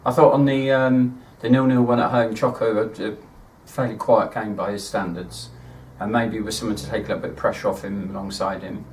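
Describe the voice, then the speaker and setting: A man's voice: fairly low pitch, little pitch movement, a little fast, hardly any pauses, a little mellow. Dry-witted man, off-mic. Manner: dry, joking asides. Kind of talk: casual chat. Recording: voice far from the mic, faint room noise.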